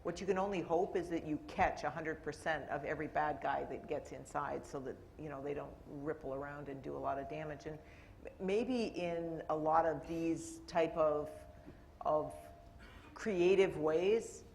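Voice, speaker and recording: A woman's voice: deep voice, normal speed, vocal fry, darkish tone, a little hiss or hum. A woman with a Canadian accent, an IT executive answering thoughtfully on a panel, with small restarts as she searches for words. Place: stage at a live panel event.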